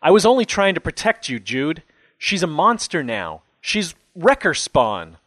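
An anguished middle-aged father, bitter and defensive, as a male narrator voices him. His voice rises higher and louder than the narration and strains as he pleads. The sound is dry and close. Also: lively intonation, unhurried, dry recording. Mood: desperate.

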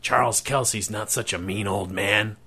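A man voicing a lonely old man who is secretly Santa Claus, gentle, kindly and a little mischievous. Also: on the low side, fairly even intonation, normal speed, breathy edge, heavily acted. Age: older. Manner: gentle, kindly, with sly warnings.

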